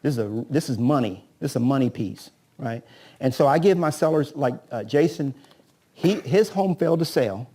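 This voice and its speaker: A man's voice: medium pitch, lively intonation, moderate pace, mellow, breathy edge. A man coaching a live seminar audience, tossing in rhetorical questions and acting out his talks with sellers. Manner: rhetorical, keeps asking "right?"; acts out agent-seller dialogues. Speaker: real estate coach.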